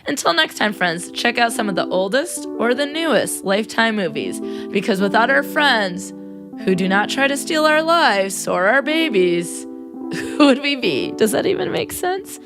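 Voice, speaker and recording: A woman's voice: a little high, big pitch swings, moderate pace, music in the background. A young American woman hosting a podcast, gushing and laughing often as she thanks listeners in a casual chat. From United States. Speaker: podcast host. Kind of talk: casual podcast outro and shout-outs.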